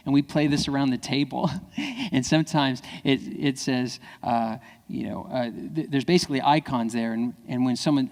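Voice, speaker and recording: A man giving an animated, playful keynote talk, acting out family dialogue in other voices. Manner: playful, jumps into high voices when quoting kids. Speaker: keynote speaker. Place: civic center hall. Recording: long reverb of a large hall.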